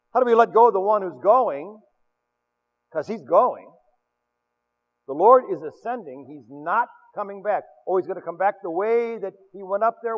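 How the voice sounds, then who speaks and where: An older man preaching a sermon as pastor, telling stories with many restarts and repeated words. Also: high voice. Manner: animated storytelling with many restarts. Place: large church. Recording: echoey church, dull lo-fi.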